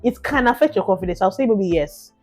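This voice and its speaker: A Nigerian woman co-hosting a podcast in casual chat, talking quickly and repeating herself as she gets going. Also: mid-range voice, expressive, a little mellow, soft background music. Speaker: podcast co-host.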